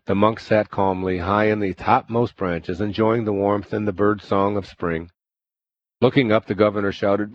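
A man reading a self-help text aloud in slow, deliberate, calm scripted narration. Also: sits low. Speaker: audiobook narrator. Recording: dull lo-fi recording.

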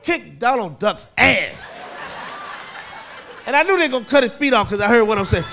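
A man, his delivery animated and punchy. A crowd laughs in the room, and a faint hum of noise sits under the live club recording. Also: extremely high pitch, moderate pace, creaky. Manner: profane, animated storytelling with shouted kid voices. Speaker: stand-up comedian. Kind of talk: stand-up comedy storytelling. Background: audience laughter.

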